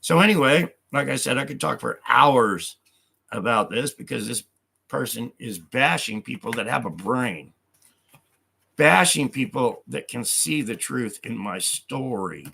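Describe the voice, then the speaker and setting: A man's voice: mid-range voice, animated, a little slow, gravelly, bright, forceful tone, breathy edge. A man on a live stream who reads hostile comments aloud and answers them in an angry, profane rant, speaking of God with heavy conviction.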